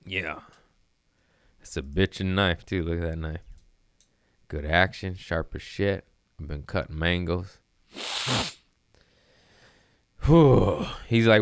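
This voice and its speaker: A man's voice: low-pitched, slow pace, pauses often, no echo, studio quality. A young adult man, a comedian, rambling casually and profanely, laughing between lines.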